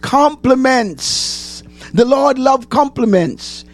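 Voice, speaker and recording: A man preaching a sermon, asking the congregation questions and answering them, repeating phrases and rising to shouts. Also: very high voice, expressive, slow, soft background music.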